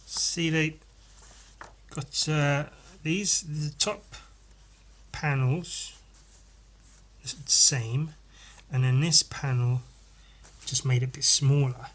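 A man hosts a casual podcast reviewing comics, paging through them and reacting to the art with profane, rambling enthusiasm. His voice is a little high and fairly bright, steady in tone, with drawn-out words and long pauses.

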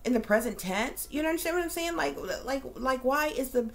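Woman, middle-aged, heated profane rant, rhetorical questions, fairly high voice. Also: expressive, a little fast. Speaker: psychic reader. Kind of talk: ranting monologue.

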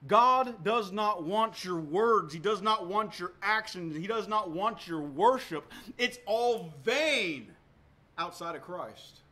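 A man preaching a sermon as pastor, emphatic, with sharp swings between loud and soft, often repeating words for emphasis. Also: high-pitched, lively intonation, slow pace.

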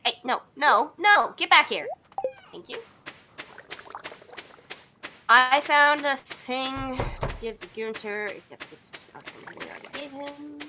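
A woman playing a co-op farming game, her voice a bit high and swinging widely as she reacts. She curses freely and gets animated over every small turn, while a steady noise runs behind her. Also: a little slow, pauses often. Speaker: Let's Play gamer. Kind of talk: casual co-op gaming chat. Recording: clear background noise.

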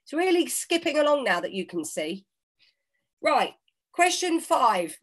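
Brief: woman, quiz co-host, playful and teasing, slightly high voice, video-call sound. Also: very animated, a little slow. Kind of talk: casual comic banter.

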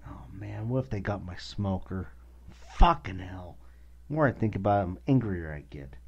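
A man's voice: sits low, animated, moderate pace, vocal fry, slight background noise. A man hosting a podcast who rants angrily and swears constantly. The recording is dull and lo-fi. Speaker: podcast host. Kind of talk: casual profane rant.

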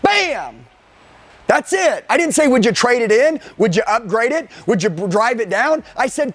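A man leading a live sales training seminar, energetic and emphatic, firing questions at his audience and acting out sales calls. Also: very high voice, normal speed.

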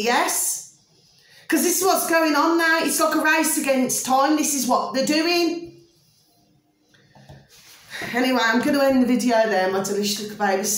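A woman talking casually to her followers, rambling and repetitive, exasperated but affectionate, often asking if they follow her. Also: on the high side. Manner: rambling, repetitive, keeps checking listeners follow. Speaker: vlogger. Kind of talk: casual ranting monologue. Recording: echoey room.

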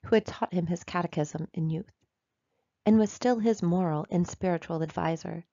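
A woman reading a classic short story aloud in a measured, even storytelling voice. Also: fairly low pitch, dry recording, dull audio. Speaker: reader.

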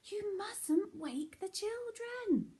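A woman voicing small animals that hush Santa, a whispered role-play in a storybook reading. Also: very high voice, sing-song, drawn-out words, pitched above the performer's own voice, heavily acted. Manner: hushed and scolding. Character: small hushing animals telling Santa to be quiet.

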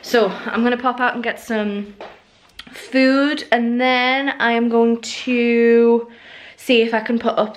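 A twenty-something woman, a lifestyle vlogger, chats casually to the camera while walking through the house she has just moved into. Her voice is fairly high, with slight background noise, and she rambles along, filling gaps with plenty of "like."

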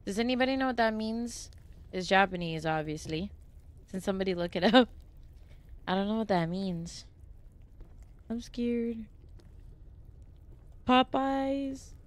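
A woman's voice: mid-range voice, animated, measured pace, pauses often. A young adult woman streaming a horror game live, easily spooked and swearing, chatting to viewers and thanking them between frights. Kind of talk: casual live gameplay streaming.

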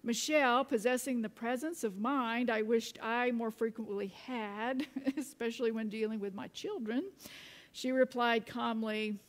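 A woman pastor preaching a sermon, telling a story in a relaxed way with light chuckles. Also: a little high, unhurried. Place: church. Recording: reverberant church sanctuary.

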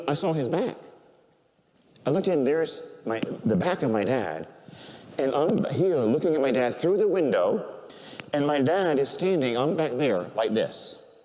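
Older priest preaching in a reverberant church. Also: male voice, a little high, sing-song, a little slow. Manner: emotional storytelling, swinging from loud preaching to quiet, near-tearful speech. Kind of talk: sermon.

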